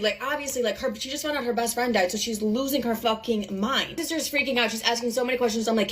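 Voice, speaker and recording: A woman's voice: a little high, fast, hardly any pauses, fairly bright tone. A young woman in her twenties telling a chaotic personal story in a casual, profane, filler-heavy way.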